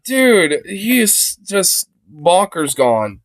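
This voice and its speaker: A man streaming casual commentary on political clips, excitable and crude, laughing often and breaking into shouts. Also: sits high, drawn-out words, dry recording. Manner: crude, swears constantly.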